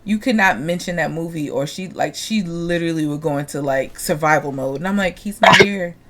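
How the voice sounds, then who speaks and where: A woman's voice: sits low, fairly quick, very noisy. Joking, profane woman hosting a podcast. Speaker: podcast host. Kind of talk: casual podcast chat.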